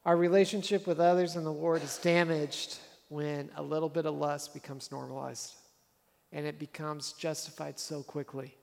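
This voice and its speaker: A man's voice: a little high, flat delivery, normal speed, creaky, darkish tone, big-room sound. A man preaching a sermon as a pastor, conversational and earnest, driving points home with repeated phrases.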